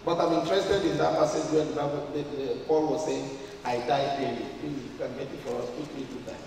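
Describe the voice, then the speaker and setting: Nigerian preacher in an echoey church. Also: male voice, a little high, fairly even intonation, fairly quick, a little hiss or hum. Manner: call-and-response preaching, building to shouts. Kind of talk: sermon. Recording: echoey church hall, mic far off.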